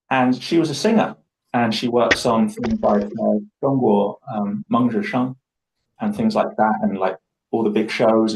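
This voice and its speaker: A young Scottish man leads a live public speaking workshop, speaking animatedly and acting out the voices in his anecdotes. His voice sits on the low side, and the recording is rough.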